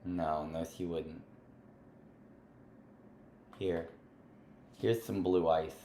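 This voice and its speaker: A man hosting a casual gaming livestream, playfully teasing and bantering with other players, drifting between sing-song chatter and soft murmuring. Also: sits low, fairly even intonation, extremely slow. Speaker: livestream host. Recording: roomy echo with faint background noise.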